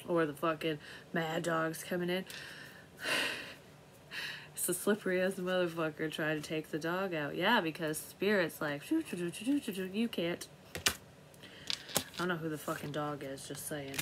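A woman's voice: sits low, fairly even intonation, normal speed, slight background noise. A middle-aged woman giving a casual, rambling tarot reading, swearing freely and laughing at herself. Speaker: tarot reader.

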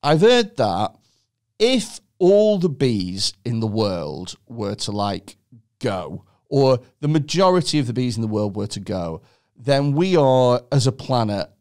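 A man hosting a podcast, telling stories in an excitable, sweary, comedic way. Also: mid-range voice, clean tone. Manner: animated, sweary, excitable storytelling. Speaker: podcast host. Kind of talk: casual comedic chat.

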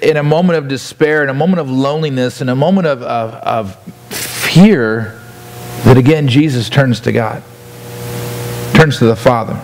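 A man's voice: medium pitch, normal speed, noisy background. A man preaching a sermon as a church pastor, earnest and often repeating words as he restarts his sentences. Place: church sanctuary.

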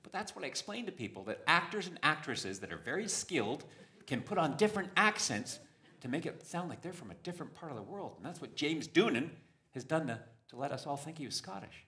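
A man performing stand-up comedy on stage, with a deadpan, punning delivery. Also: a little high, a little fast. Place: stage before a live audience.

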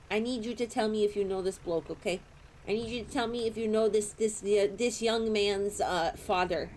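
A young adult woman streaming a game, chatting playfully with viewers, giggling and squealing as her pitch swoops up and down. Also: moderate pace, a little mellow, slight background noise. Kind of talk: casual live-stream game commentary.

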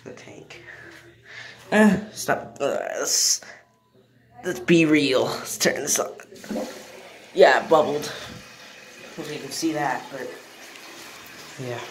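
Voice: medium pitch, slow pace, long pauses. A channel host giving a rambling, easily amused show-and-tell of a toilet, filmed on a phone in a bathroom. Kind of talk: casual show-and-tell vlog. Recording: echoey room with running water.

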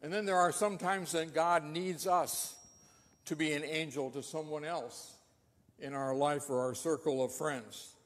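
Pastor guy preaching, kinda high voice, earnest questions, long church echo. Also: steady tone, a little slow. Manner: earnest storytelling with rhetorical questions. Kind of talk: sermon. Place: church sanctuary. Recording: long reverb of a church hall.

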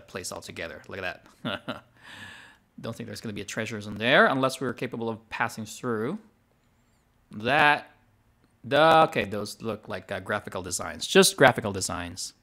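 A man's voice: lowish voice, sharp tone. A man streaming a video game, chatting casually at a desk microphone, laughing often and correcting himself. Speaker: gaming streamer. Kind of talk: casual gameplay commentary.

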